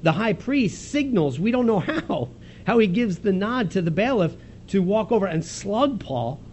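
A man preaching a conversational expository sermon, retelling a scripture story with quick laughs and frequent restarts. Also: high voice, very animated, a little mellow, a little hiss or hum.

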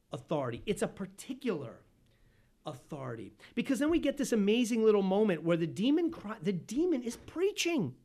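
A man preaching a sermon as pastor, asking the congregation questions and swinging from loud exclamations to hushed asides. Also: a little high.

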